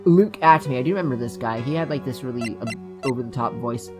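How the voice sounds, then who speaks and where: A woman's voice: a bass voice, brisk, music in the background. A woman voicing her own dry, offhand asides while playing through a story game. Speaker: gaming youtuber. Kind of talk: let's play commentary.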